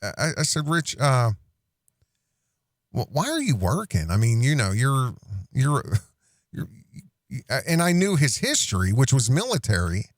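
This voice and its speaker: A man's voice: medium pitch, big pitch swings, measured pace, long pauses, no echo, studio quality. A middle-aged man hosting a reaction commentary show, mocking and sarcastic, breaking into laughs as he talks.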